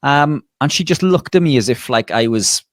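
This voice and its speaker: A man's voice: mid-range voice, moderate pace, no room sound. Man telling a story, dry sound. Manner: lively anecdotal telling with frequent restarts. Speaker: guest, nutritionist and bodybuilder. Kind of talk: casual interview storytelling.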